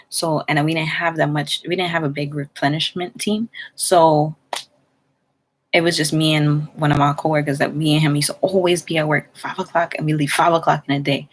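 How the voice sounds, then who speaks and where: A woman's voice: sits low, husky. A young woman casually telling a personal story, rambling with many fillers and restarts. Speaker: vlogger.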